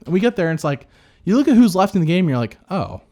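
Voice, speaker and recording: A male podcast co-host chats casually, rambling with lots of fillers and restarts. His high voice has a warm tone, very animated and racing along.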